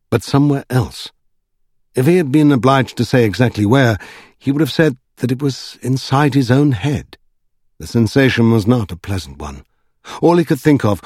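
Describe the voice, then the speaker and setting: A male narrator reads a novel aloud in steady, measured scripted narration. The voice sits at a middle pitch, and the recording is dry and close with no room sound. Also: dry recording. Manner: measured storytelling. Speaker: audiobook narrator.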